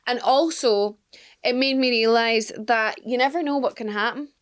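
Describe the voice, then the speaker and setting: Laughing young woman, high voice. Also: normal speed, clean tone. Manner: laughs often while telling a story. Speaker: podcast co-host. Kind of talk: casual chat.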